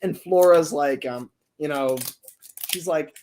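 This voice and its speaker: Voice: mid-range voice, takes it slowly, darkish tone, a little hiss or hum. A livestreamer telling a story casually, rambling and restarting often. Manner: rambling, many fillers and restarts. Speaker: streamer.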